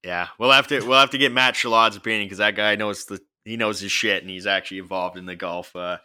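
A man's voice: fairly low pitch, steady tone, quick pace, sharp tone, no echo. A man hosting a casual podcast, chatting and swearing loosely before wrapping up the episode. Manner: casual, swearing, wraps up the show. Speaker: podcast host. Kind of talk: casual chat.

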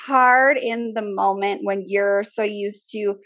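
A woman in her thirties co-hosting a podcast, talking fast and candidly in a casual chat. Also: mid-range voice, fairly even intonation, fairly bright tone, dry recording, clean studio sound. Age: 30s. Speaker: podcast co-host.

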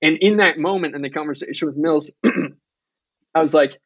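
This time the thirtysomething author talks a little fast in a slightly high voice, trading frank, profanity-laced stories and quoted lines as a podcast guest. The recording is muffled, though free of echo.

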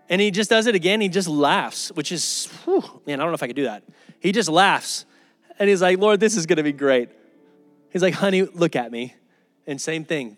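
A man's voice: fairly high pitch, a bit bright, no room sound. A man preaching a sermon to his church in a casual, conversational way, acting out the people in his stories. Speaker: pastor.

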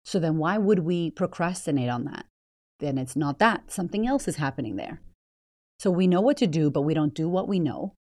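A woman's voice: low-pitched, big pitch swings, a little fast, darkish tone, no room sound, clean studio sound. A woman hosting a motivational podcast, blunt, swearing freely and firing rhetorical questions at the listener. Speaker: podcast host.

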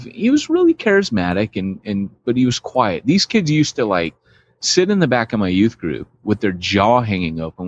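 A man co-hosting a podcast, telling a rambling, self-mocking story with quick laughs. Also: lowish voice, no echo. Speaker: podcast co-host. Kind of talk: casual storytelling podcast chat. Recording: dull, dry lo-fi sound.

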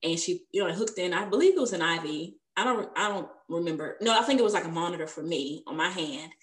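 A woman's voice: fairly low pitch, lively intonation, fast talker. A young adult woman telling a personal story in casual conversation, chatty and laughing often between sentences.

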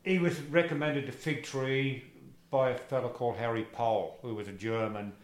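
An older man with an Australian accent, telling stories as the interviewee in an oral history interview, casual and halting with plenty of fillers. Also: mid-range voice, steady tone. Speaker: interviewee, former soccer player. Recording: echoey room.

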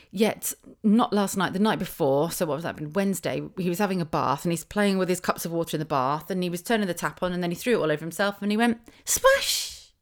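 Chatty, emotional British mum. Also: female voice, on the low side, a little mellow. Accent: British English. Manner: emotional, chatty, laughs often. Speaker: parent vlogger. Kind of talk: casual chat.

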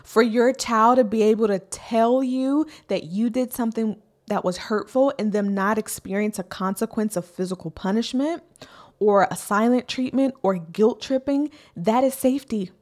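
A woman's voice: on the high side, a little mellow. A woman in her thirties giving an earnest, encouraging faith-based parenting talk as a coach, repeating key lines for emphasis.

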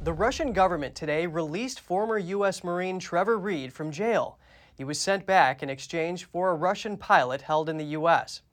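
A man anchoring a news program, reading the headlines in a measured, crisp way. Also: high-pitched, a bit bright, soft background music.

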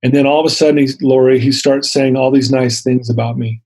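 A man's voice: mid-range voice, flat delivery, fairly quick, a little mellow, rough recording. A man in his fifties sharing his personal story as an interview guest, earnest and vivid, acting out the dialogue he quotes.

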